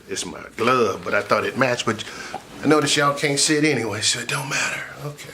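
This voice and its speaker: A man, a comedian and laugh therapist, giving an animated, jokey motivational talk that rises into shouts for effect. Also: medium pitch.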